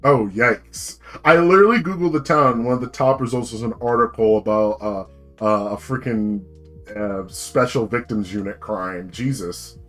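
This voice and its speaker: A man's voice: mid-range voice, normal speed, a bit bright, faint music behind. Young adult male streamer from New Jersey. Loose, slangy, profane, mid-range voice. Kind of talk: casual live-stream chat.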